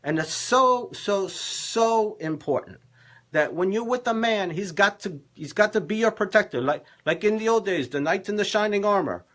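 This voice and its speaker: A man's voice: sits high, animated, normal speed, fairly bright tone. A man playing a boisterous, middle-aged Italian male love professor, giving dating advice in broken English with a put-on Italian accent and theatrical emphasis. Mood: emphatic advice. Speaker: relationship coach. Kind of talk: comedic in-character advice livestream.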